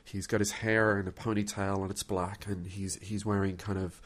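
A man's voice: low voice, level tone, moderate pace. A man with an Australian accent, co-hosting a podcast, telling a rambling story and repeating his words. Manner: rambling, repeats words, acts out quoted people. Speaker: podcast co-host. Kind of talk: casual storytelling chat.

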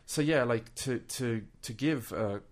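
An Australian man co-hosts a podcast, chatting casually and rambling with lots of fillers and restarts. His voice is medium-pitched and a little slow.

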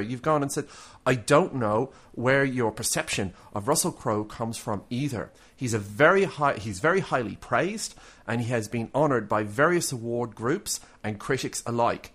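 An Australian man co-hosts a casual podcast and jokes his way through listener messages. He stumbles and restarts his sentences a lot, and his pitch sits in the middle of the male range. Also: animated, moderate pace, fairly bright tone, breathy edge. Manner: jokey, stammering restarts. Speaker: podcast co-host. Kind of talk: casual chat.

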